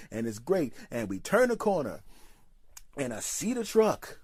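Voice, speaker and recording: A man's voice: on the high side, dry recording, studio quality. Brash, profane man telling a comic story. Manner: animated, swings into voices for quoted friends. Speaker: comedian podcast host. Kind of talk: storytelling comedy monologue.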